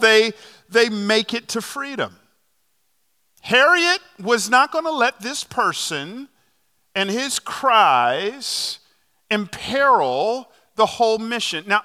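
A man preaching a sermon as a pastor, telling a story with lively restarts and fillers. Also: extremely high pitch. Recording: long hall reverb.

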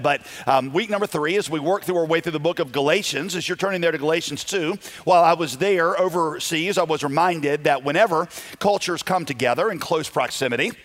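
A pastor delivers his Sunday sermon with lively energy and easy humor. His voice sits a little high for a man, and he often pauses on fillers before pressing on. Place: church sanctuary.

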